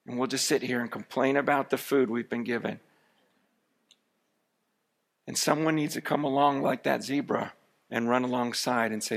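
A man's voice: medium pitch, moderate pace, vocal fry, long pauses. A man preaching a sermon in a conversational, anecdotal way, with many restarts. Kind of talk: sermon storytelling.

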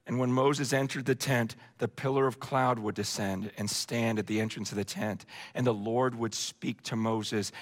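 A man preaching a sermon with passion, swinging between shouting and hushed tones. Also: a little high. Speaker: pastor. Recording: long hall reverb.

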